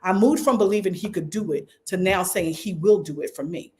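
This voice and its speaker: Animated woman pastor preaching. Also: fairly low pitch, a little fast. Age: 50s. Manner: animated, conversational, addressing the crowd as y'all. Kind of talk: sermon.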